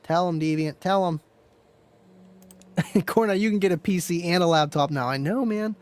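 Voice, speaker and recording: At a moderate pace, a high-pitched man hosts a live stream, keeping things relaxed and chatty with his viewers. He laughs often and keeps calling people "man" and "dude."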